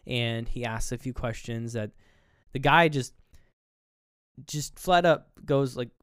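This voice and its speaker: A man's voice: mid-range voice, slow pace, a bit bright, clean tone, dry recording, studio quality. A man co-hosting a podcast, casually recapping a film and acting out characters' lines with loose swearing. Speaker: podcast co-host.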